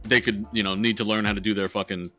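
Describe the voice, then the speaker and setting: A man's voice: fairly low pitch, little pitch movement, fast talker, sharp tone, faint music behind. A man co-hosting a podcast in casual chat, talking loosely, swearing and laughing often. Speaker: podcast co-host.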